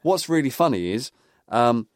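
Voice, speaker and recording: A man's voice: mid-range voice, very animated, moderate pace, no room sound, clean studio sound. A middle-aged man, a podcast co-host, telling rambling football anecdotes in casual chat, full of fillers and restarts.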